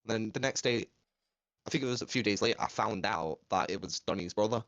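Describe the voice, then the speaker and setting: A man's voice: lowish voice, fairly quick, fairly bright tone, no room sound, muffled recording. A young Englishman, telling a story in a laid-back, casual way and swearing freely as a podcast co-host. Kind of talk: casual storytelling among friends.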